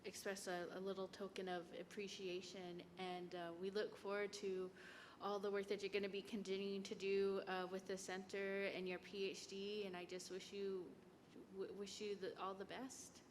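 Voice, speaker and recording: A woman giving emotional thanks and presenting gifts at a public event, speaking quietly and haltingly with repeats. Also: medium pitch, level tone. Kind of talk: heartfelt public remarks. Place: lecture hall. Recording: reverberant hall with faint room noise.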